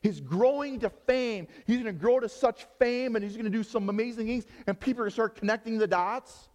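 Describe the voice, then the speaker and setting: A man's voice: high voice, brisk, a little mellow, long reverb tail, highs cut off. A middle-aged male pastor preaching a sermon, joking and quizzing his congregation.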